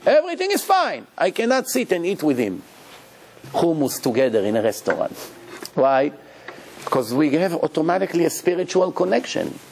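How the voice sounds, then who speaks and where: A man giving a religious lecture as a rabbi, emphatic and animated, repeating key phrases as he tells stories. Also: on the high side, normal speed, gravelly, slight background noise.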